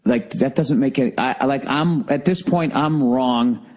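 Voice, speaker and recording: A man's voice: mid-range voice, normal speed, a little mellow, rough recording. A middle-aged man ranting alone on his podcast, profane, exasperated and sarcastic. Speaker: podcast host. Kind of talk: solo comedic rant.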